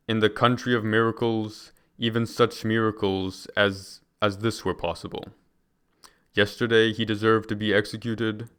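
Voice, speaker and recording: A man reading a book aloud in a measured, deliberate way, now and then restarting a phrase. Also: fairly low pitch, fairly bright tone, clear, resonant tone. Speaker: reader.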